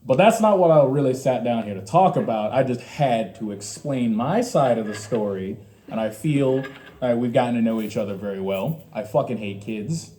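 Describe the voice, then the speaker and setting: A man's voice: mid-range voice, animated, moderate pace, dark tone, a little hiss or hum. Crude ranting young male comic. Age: 20s. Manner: crude, ranting, self-mocking. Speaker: stand-up comedian. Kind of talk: open mic stand-up. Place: small comedy venue.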